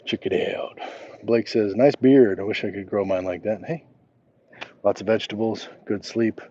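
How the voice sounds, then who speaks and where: A man's voice: fairly low pitch, moderate pace, mellow, dull audio, a little hiss or hum. A middle-aged man walking outdoors at night, chatting casually on a livestream and reading viewer comments aloud in a laid-back, chuckling way. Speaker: livestream host. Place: outdoors at night, crickets around.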